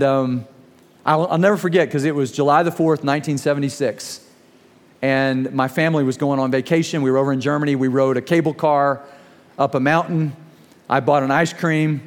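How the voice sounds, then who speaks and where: A middle-aged man preaching a sermon, telling a story and slowing down for emphasis. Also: mid-range voice, in a large hall. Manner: storytelling with acted quotes, slows for emphasis. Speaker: pastor.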